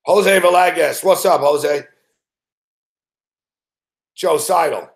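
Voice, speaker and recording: Speaking slowly in a slightly high voice, the host of a live sports betting show curses constantly and erupts in frustrated rants. The room sounds reverberant.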